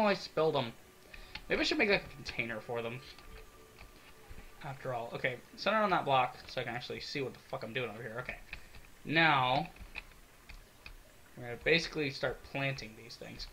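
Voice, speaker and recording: A young man giving excitable, swear-filled let's-play commentary, talking to himself as he builds in a game. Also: mid-range voice, fast talker. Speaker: gaming video creator.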